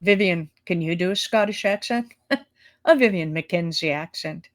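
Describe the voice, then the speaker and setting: Her voice is on the low side and her pace measured. She's a middle-aged co-host on a live talk show run through a video call, keeping the chat casual and meandering, full of fillers and restarts.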